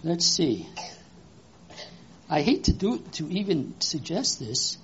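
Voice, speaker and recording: A preacher giving a children's sermon with an object lesson, speaking in an animated, exclamatory way and asking the children questions. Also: mid-range voice, slow pace, lo-fi sound, slight background noise.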